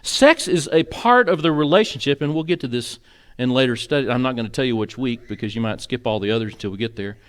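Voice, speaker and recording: A man's voice: mid-range voice, expressive, fast, a bit bright, smooth. A male pastor preaching an earnest, conversational sermon in a church, with moments of emotion. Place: church sanctuary.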